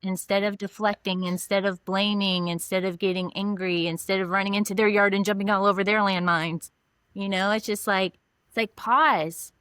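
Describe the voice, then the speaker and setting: A woman's voice: medium pitch, flat delivery, a little fast, fairly bright tone, clean tone, no echo. A woman counselor being interviewed on a podcast, explaining earnestly with examples from her own life. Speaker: mental health counselor.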